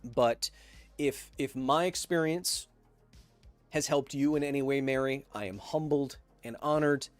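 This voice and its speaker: A chatty man in his thirties hosts a casual livestream, joking with viewers as he reads out their messages. His voice sits at an ordinary pitch and is recorded close and dry, with faint music underneath. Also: measured pace, no echo. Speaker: podcast host reading live chat.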